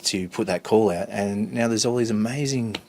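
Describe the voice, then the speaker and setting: A man's voice: lowish voice, moderate pace, darkish tone. A man being interviewed about his music, speaking hesitantly with many ums and restarts. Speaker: guest musician. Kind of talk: casual interview chat.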